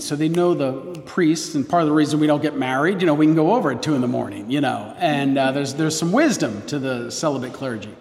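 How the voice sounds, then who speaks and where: Rambling male priest in a roomy hall. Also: fairly high pitch. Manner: rambling, frequent restarts and self-corrections. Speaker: Catholic priest. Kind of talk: casual storytelling.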